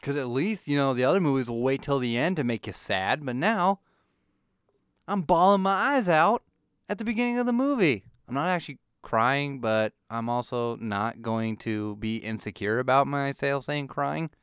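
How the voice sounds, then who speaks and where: A man on a comic rant with a very crisp, clean voice, recorded close and dry. He swears freely and keeps working himself up into mock outrage. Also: mid-range voice, animated, normal speed, a bit bright, no room sound. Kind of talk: ranting monologue.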